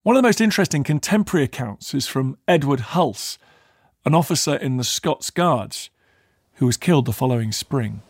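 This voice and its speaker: A man narrating a documentary script in a measured storytelling manner. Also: mid-range voice, lively intonation, breathy edge, no room sound, studio quality.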